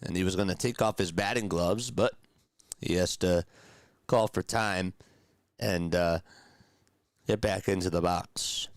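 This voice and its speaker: A man's voice: lowish voice, dry recording. Chatty man doing play-by-play. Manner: chatty, talks to chat, sarcastic asides; animated, jumps between calls and opinions. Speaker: play-by-play host. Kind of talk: radio-style play-by-play commentary.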